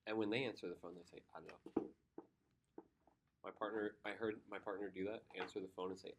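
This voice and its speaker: A man's voice: fairly low pitch, fast talker, long pauses, slight background noise. A man teaching chemistry to a class, who moves between lecturing and loose, chatty storytelling with his students. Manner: chatty, storytelling, animated when amused.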